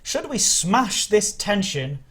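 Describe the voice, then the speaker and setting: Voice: mid-range voice, big pitch swings, takes it slowly, heavy background noise. A livestream host running a community game event, playful and jokey, reading out the rules of a contest.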